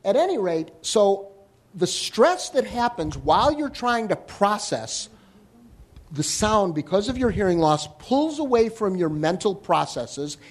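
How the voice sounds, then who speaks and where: A man giving a live talk to an audience on hearing and listening, explaining in an animated way with joking asides. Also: high voice, a little slow. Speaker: hearing health lecturer.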